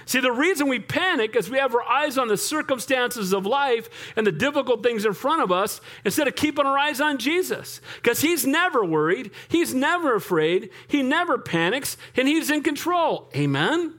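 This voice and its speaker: A male pastor preaching a sermon in a lively, conversational way, often asking the congregation for an amen. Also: extremely high pitch, normal speed, hardly any pauses.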